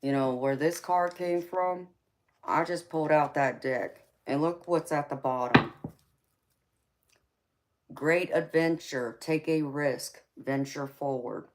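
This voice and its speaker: A woman's low, slow voice carries a Southern drawl as she greets viewers and reads tarot aloud during a relaxed, chatty live stream. Loud noise runs in the background.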